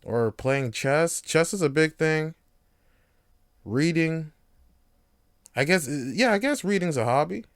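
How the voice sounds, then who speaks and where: A man's voice: on the high side, lively intonation, takes it slowly, pauses often, smooth, no echo, studio quality. A young man hosting a casual solo podcast, loose and rambling, swearing freely. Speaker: podcast host.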